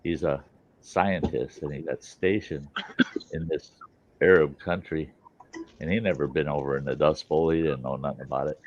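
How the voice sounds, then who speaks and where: A man's voice: a bass voice, steady tone, moderate pace. A man hosting a show, telling a joke casually in a folksy, rambling way, in a dull lo-fi recording. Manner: folksy, rambling, laughs at his own jokes. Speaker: host.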